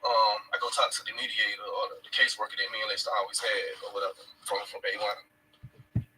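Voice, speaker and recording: A man's voice: lowish voice, level tone, fairly quick, far from the mic, background noise. A man casually retelling events to camera in a blunt, profane, emphatic way. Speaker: father of a missing woman's child.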